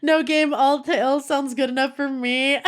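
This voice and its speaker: Chatty streamer lady, kinda high voice, goofy and laughy, just hanging with chat. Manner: playful and chatty, laughs often. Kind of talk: casual chat with a live audience.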